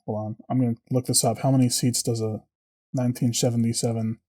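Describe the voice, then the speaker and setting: A man's voice: mid-range voice, level tone, fast talker, dark tone. A man narrating as game master of a tabletop game, hesitant and filler-heavy. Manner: hesitant, many fillers and restarts.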